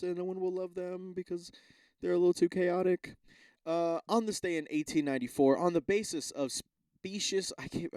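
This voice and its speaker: Young guy rambling on his podcast, swears a lot, trips over reading stuff out, kinda high voice. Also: darkish tone, no echo. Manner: rambling, swears often, stumbles over read-aloud text. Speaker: podcast host. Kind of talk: casual solo podcast chat.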